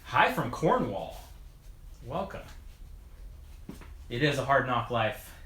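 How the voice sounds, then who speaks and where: A mountain bike video creator works on his bike during a live stream, answering chat casually and rambling with plenty of fillers, restarts, and frequent chuckles. His mid-range voice is sing-song, bright, and forceful, and he takes it slowly. The room sounds echoey, with slight background noise.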